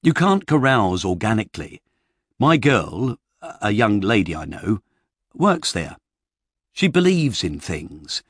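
A man voicing a flustered writer who talks in a fussy, rambling, exasperated way, pitched up from his reading voice, in an audiobook. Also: big pitch swings, slow, husky, dry recording, studio quality, full character voice. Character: flustered middle-aged male fantasy writer.

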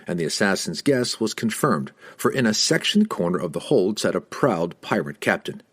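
A man narrating a fantasy audiobook in an expressive, steady storytelling manner. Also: on the low side, normal speed, slightly rough.

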